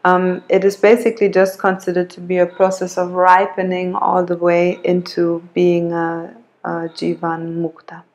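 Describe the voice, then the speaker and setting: A woman giving a spiritual lecture as a yoga teacher, thoughtful and hesitant, pausing on fillers. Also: lowish voice, completely flat delivery, darkish tone.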